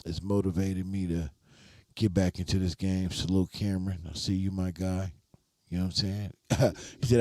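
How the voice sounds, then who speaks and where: A man's voice: low voice, steady tone, normal speed, mellow, dry recording. A man chatting casually on a live stream, laid-back and rambling, with frequent swearing.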